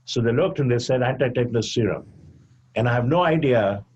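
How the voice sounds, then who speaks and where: An older man from India, a physician guest on a podcast, telling a story in a measured way and acting out the quoted dialogue. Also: mid-range voice, animated, a little mellow, slightly rough, dull audio.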